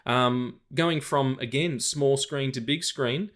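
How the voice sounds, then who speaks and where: A podcast co-host chats casually about film news, rambling with lots of fillers, restarts and tangents. He speaks slowly in a mid-range, fairly bright voice.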